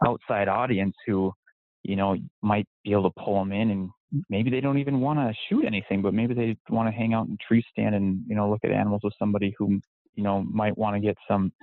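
A man's voice: lowish voice, no room sound. A man chatting as a podcast guest, rambling and self-deprecating, laughing often. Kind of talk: casual interview chat. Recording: tinny phone-like line.

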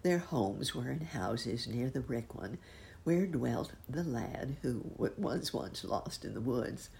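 Very low, gravelly woman narrating a storybook. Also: takes it slowly, a little hiss or hum. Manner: expressive, lively reading.

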